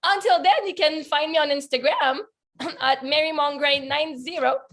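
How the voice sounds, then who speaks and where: A chatty woman life coach from Quebec, talking on a video call with a high, bright-toned voice. Her voice is a little husky today, and she laughs easily between her thoughts. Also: moderate pace. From Quebec, Canada. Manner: bubbly, laughs often, chatty. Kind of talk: casual interview chat.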